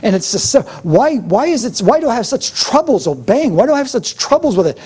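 A man's voice: extremely high pitch, very animated, brisk, a little mellow, husky. A middle-aged man preaching a sermon as pastor, with a fervent, repetitive preaching cadence.

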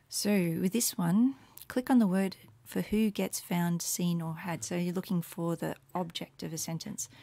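Low-voiced woman casually walking through lessons. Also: no echo. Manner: casual and rambling, with many fillers and soft murmured asides. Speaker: Latin teacher making resources. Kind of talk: screen walkthrough tutorial.

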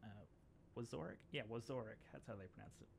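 This is a man chatting beside his co-host, tossing in quick jokes. His voice is gravelly and full of fry, and he talks at a brisk clip. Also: medium pitch, slight background noise. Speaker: podcast co-host. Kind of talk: casual chat.

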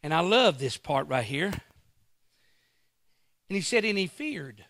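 A man preaching a sermon as a guest pastor in a church, swinging into loud bursts and acting out quotes. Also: a little high, sing-song, measured pace, creaky, dry recording.

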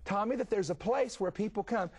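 Husky-voiced man hosting Christian TV talk. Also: sits high. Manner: animated storyteller, quick follow-up questions. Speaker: TV ministry host. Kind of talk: conversational religious TV talk.

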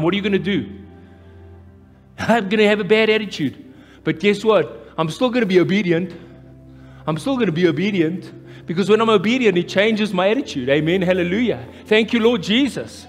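South African male pastor, Afrikaans-inflected, higher voice, fervent repetitive preaching, live hall reverb. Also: expressive, brisk, faint music behind. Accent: South African, Afrikaans-influenced. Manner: impassioned, repeats phrases, preaching cadence. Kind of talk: live sermon. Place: church hall.

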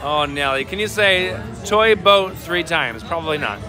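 A high-pitched man with a lively, bouncing delivery, joking and laughing as he hosts a casual live stream. He reads chat aloud over loud slot machine music on a casino floor. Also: measured pace. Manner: playful, laughs often, teasing banter.

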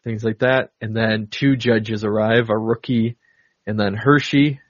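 A man's voice: lowish voice, steady tone, unhurried, no room sound. Rambling male podcast co-host, dry and dull. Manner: rambling, retells film scenes with many fillers. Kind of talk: casual chat.

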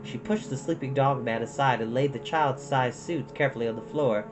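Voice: mid-range voice, brisk, music in the background, rough recording. A storyteller reading a chapter book aloud, breaking off for chatty, folksy asides to listeners.

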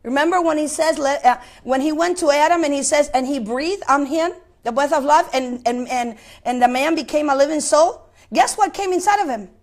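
A woman's voice: high voice, a little fast, hardly any pauses. A woman preaching a sermon, asking the congregation questions and repeating words as she searches for the next phrase. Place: place of worship.

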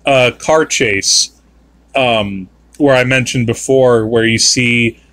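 A man's voice: medium pitch, slow pace, fairly bright tone. A man hosting a podcast, chatting casually and rambling with many fillers and restarts. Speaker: podcast host. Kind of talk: casual chat.

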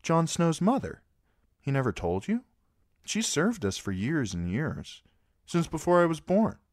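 A man's voice: fairly high pitch, sing-song, unhurried, no room sound, studio quality, voice pushed up. A man voicing a shy, polite boy squire and young lord in a storybook reading, earnest and a little hesitant.

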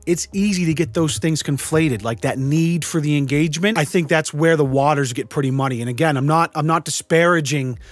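A man's voice: a little high, fairly quick, few pauses, no room sound. A man hosting a sarcastic commentary video, swearing casually and scoffing at what he covers. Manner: sardonic, swears casually, laughs in disbelief. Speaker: YouTube commentary host. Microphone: studio microphone.

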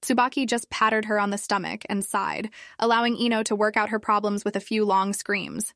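A woman reads a fan fiction story aloud in an expressive way. Her voice sits at a middling pitch. The sound is close and dry, with no room around it. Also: moderate pace, few pauses, no echo. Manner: expressive reading.

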